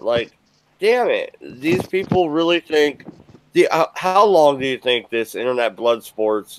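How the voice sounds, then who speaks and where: US male host, casual ranting chat, mid pitch, dry recording. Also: no room sound, low-quality recording. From United States. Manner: ranting, crude joking. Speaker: livestream host.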